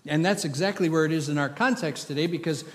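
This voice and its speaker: A man preaching a sermon as a guest preacher, animated and folksy, with emphatic stress on key words. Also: fairly high pitch, fast talker. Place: church sanctuary. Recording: reverberant church hall.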